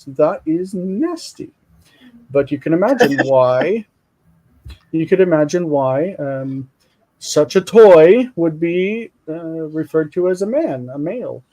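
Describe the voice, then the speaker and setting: A man with a fairly high pitch and dark tone is heard on a low-quality recording. He's a co-host of a Hebrew Bible reading stream, chatting in a relaxed way and eagerly spelling out word meanings as he searches them.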